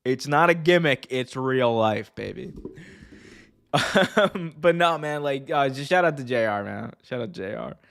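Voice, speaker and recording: In a medium-pitched, creaky voice, unhurried, a wrestling podcast host chats casually. He's excited and laughing, tripping over restarts and belting out commentators' famous lines.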